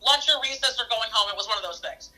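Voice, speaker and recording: High bright-voiced chatty woman. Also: quick pace, rough recording. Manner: animated, chatty, acts out the people she quotes. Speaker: streamer and former teacher. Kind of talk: casual storytelling chat on a stream.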